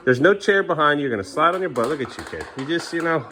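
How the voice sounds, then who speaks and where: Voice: medium pitch, sing-song, fast talker, fairly bright tone. A parent at home with young kids, voice swinging up and down a lot as they coax, scold and chat to the camera. The talk is firm yet patient, and a faint hiss sits under it. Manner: firm but patient, drifting between coaxing the kids and venting to camera. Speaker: parent caring for two young children. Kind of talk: casual home vlog, talking to kids and camera. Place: indoors at home, bathroom area.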